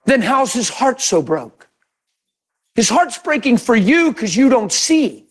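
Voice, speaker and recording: A man preaching a sermon as pastor, animated and conversational, often laughing and acting out quotes. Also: extremely high pitch, takes it slowly.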